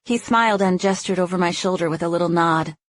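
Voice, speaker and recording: A woman reading a first-person romance audiobook, narrating smoothly and giving the heroine's lines a lively, playful voice. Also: lowish voice, fast talker, no room sound.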